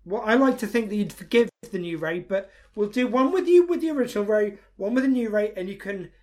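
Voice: mid-range voice, expressive, fairly quick, a little mellow. Earnest, enthusiastic podcast host. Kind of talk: casual podcast chat.

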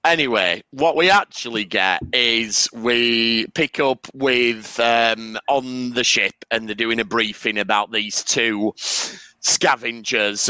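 Podcast co-host, man, bright and crisp, dry close sound, easygoing and jokey. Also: medium pitch, no room sound, poor audio. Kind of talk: casual chat reviewing a TV episode.

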